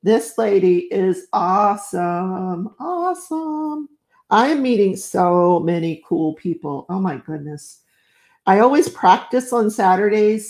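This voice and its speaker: A woman's voice: fairly low pitch, a little mellow. A middle-aged woman hosting a live stream, chatting casually and effusively while she crafts, greeting viewers with lots of exclamations. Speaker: livestream host.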